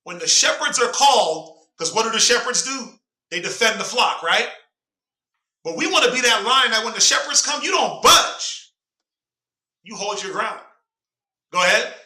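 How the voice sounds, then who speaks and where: A man's voice: sits high, expressive, moderate pace, long pauses, bright, forceful tone. A man leading a Bible class with call-and-response, emphatic and preachy, prompting a reader along. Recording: roomy sound from a distant mic.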